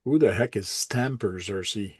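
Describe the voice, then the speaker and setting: Low-voiced man hosting a casual chat. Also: moderate pace, husky, no echo. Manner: relaxed, rambling, self-correcting. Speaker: host.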